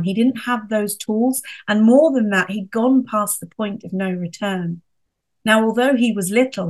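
A middle-aged woman giving an earnest devotional reflection, telling a personal story and softening her voice for emphasis. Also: medium pitch. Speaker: speaker sharing a devotional reflection.

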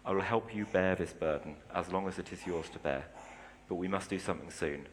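A man's voice: sits low, fairly quick, a little hiss or hum, voice pushed down, natural voice. A man reading the lines of a grave, wise old male wizard. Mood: solemn. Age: older. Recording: long hall reverb.

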